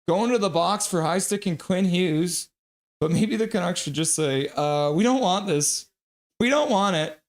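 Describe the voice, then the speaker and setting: A man casually calling a hockey game play-by-play on a live stream, reading chat and laughing along. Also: a little high. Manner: chatty, reads chat messages aloud, laughs often.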